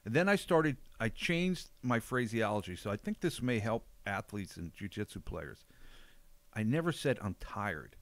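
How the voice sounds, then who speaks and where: An older man with a fairly low voice talks through a casual podcast chat. He tells stories with blunt, emphatic punch. The sound is close and dry. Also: very animated, moderate pace, dry recording. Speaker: podcast co-host, jiu-jitsu coach.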